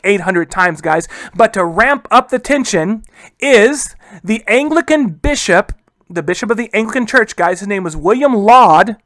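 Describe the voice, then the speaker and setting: A man's voice: high-pitched, a bit bright, no echo. Casual man teaching history, dry sound. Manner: casual, keeps addressing listeners as guys; acts out historical figures in quick asides. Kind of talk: recorded history lecture.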